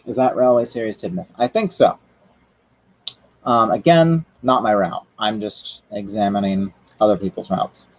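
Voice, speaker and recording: A man's voice: on the low side, moderate pace, dry recording, poor audio. A man chatting casually on a livestream, rambling with lots of fillers and restarts. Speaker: streamer.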